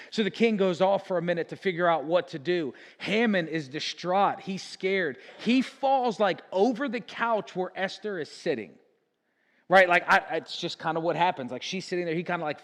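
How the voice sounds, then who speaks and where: A man's voice: sits high, fairly bright tone. Brief: male pastor, chatty retelling, self-corrects often, reverberant church sanctuary. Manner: casual storytelling with frequent "like" and self-corrections. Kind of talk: sermon. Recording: long church hall reverb.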